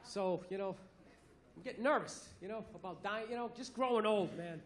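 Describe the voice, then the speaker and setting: A man's voice: high voice, normal speed. A man in his forties with a Boston accent doing a stand-up comedy set, brash and profane, ranting with mock outrage. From Massachusetts, USA. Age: 40s. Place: theater stage. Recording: echoey theater with crowd laughter. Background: audience laughter and ambience.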